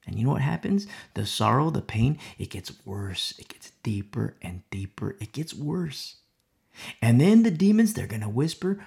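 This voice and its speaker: A man preaching a sermon, emphatic and repetitive, swinging from loud to hushed. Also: medium pitch, very animated, normal speed, gravelly.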